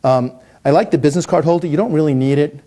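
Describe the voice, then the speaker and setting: A man's voice: a little high, quick pace, dark tone. A middle-aged man performing coin magic with jokey patter, then explaining the trick, often restarting his words. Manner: joking, punny, stammers and restarts. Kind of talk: comedic magic patter and teaching.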